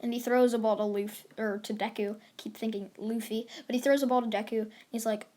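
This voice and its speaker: A woman's voice: a little high, fairly even intonation, fairly quick, hardly any pauses, darkish tone. Rambling woman retelling a fan story. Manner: rambling, self-correcting. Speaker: YouTuber storyteller.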